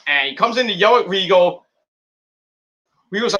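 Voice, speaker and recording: A man's voice: sits high, animated, normal speed, pushed and bright, highs cut off. A man recapping and rating a wrestling show in a rambling, casual vlog, full of crude jokes and swearing.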